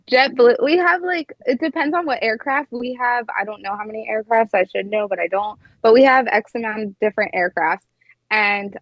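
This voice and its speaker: A young woman chats with a podcast's hosts and spins a story about work, her talk full of "like" and quick asides. The sound is dry and a little dull and muffled. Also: medium pitch, no echo. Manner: chatty, heavy use of "like". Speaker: flight attendant guest.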